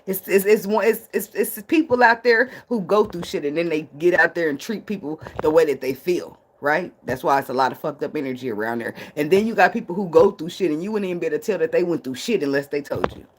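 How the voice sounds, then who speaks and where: A woman with a low-pitched voice talks fast with few pauses while giving a casual tarot reading. She's blunt and profane, laughs often, and rambles off into tangents.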